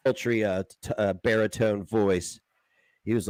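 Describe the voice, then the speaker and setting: A man's voice: fairly low pitch, fairly even intonation, a little slow, a little mellow. A man on a live stream clip, talking in a crude, profane and taunting way.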